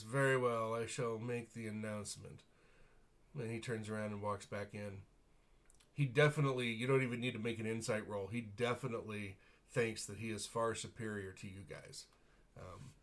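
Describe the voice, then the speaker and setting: A man's voice: fairly low pitch, fairly even intonation, normal speed. A man narrating a tabletop role-playing game as game master in a casual way, chuckling and using many fillers.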